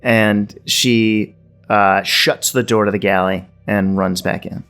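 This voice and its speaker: Male game master with a low voice, easygoing halting delivery, soft music under. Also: fairly even intonation, smooth. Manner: loose, hesitant narration with fillers. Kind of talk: narrating a tabletop game.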